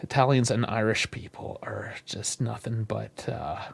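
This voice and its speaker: A man's voice: on the low side, a little slow, gravelly, noisy background. A man speaks on a podcast with a voice that swings up and down a lot as he tells stories. He chats casually and swears freely along the way. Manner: lively, swears freely while telling stories. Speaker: podcast co-host.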